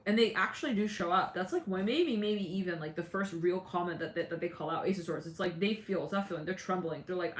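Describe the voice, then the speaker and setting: Talking fast and animatedly with hardly any pauses, this woman's low-leaning voice rambles through a relaxed tarot reading. She laughs a lot and voices the figures she quotes, in an echoey room with faint ambience.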